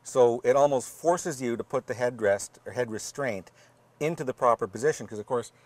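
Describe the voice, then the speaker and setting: A man's voice: medium pitch, moderate pace, a little mellow. A man with a Canadian accent co-hosting a car review, explaining practical features with dry quips. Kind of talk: casual banter reviewing a vehicle.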